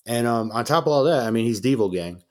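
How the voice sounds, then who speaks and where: A man's voice: medium pitch, expressive, fast talker, darkish tone. A young man hosting a casual chat, telling a long story in a laid-back, profane way with many fillers and acted-out quotes. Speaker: podcast host.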